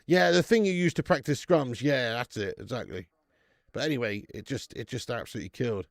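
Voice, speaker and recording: A man's voice: medium pitch, sing-song, a little fast, no echo. A man hosting a fan football watch-along stream, chatting casually, rambling and swearing freely while reading out viewer comments.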